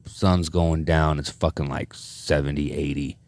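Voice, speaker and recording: Low-voiced man telling profane stories. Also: measured pace, no echo. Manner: profane, animated storytelling with many fillers. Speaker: podcast host. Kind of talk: casual chat, storytelling.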